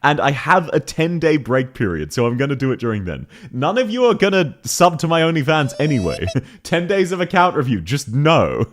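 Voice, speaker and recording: A man casually chatting on a live stream, greeting viewers by name and laughing often, his voice still a little rough at the start. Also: on the high side, very animated, normal speed.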